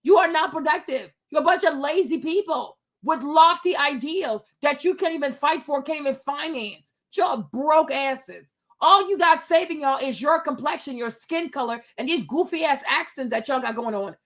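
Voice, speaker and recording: Woman, host, high voice, brash, mocking, emphatic rant. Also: normal speed, hardly any pauses, fairly bright tone. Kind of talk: ranting commentary.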